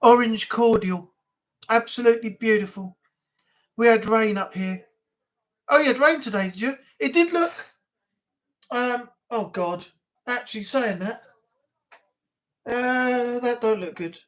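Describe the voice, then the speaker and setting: A man's voice: extremely high pitch, measured pace, long pauses. Rambling northern English man on a live chat. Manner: rambling, relaxed, with many fillers. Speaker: livestream chat host.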